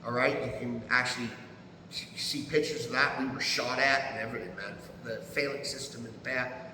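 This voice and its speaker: A man in his fifties with an American accent tells stories as a podcast guest, animated and profane, laughing often. His voice is bright and forceful. It rings in a roomy space with a long reverb tail. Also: medium pitch, fairly quick, a little hiss or hum. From United States. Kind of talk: casual storytelling. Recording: echoey room.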